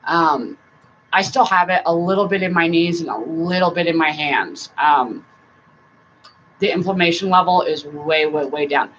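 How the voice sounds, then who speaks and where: A middle-aged woman hosting a casual live-stream chat, rambling warmly, laughing often and now and then breaking into song. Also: low-pitched, normal speed. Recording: dull lo-fi sound with faint noise.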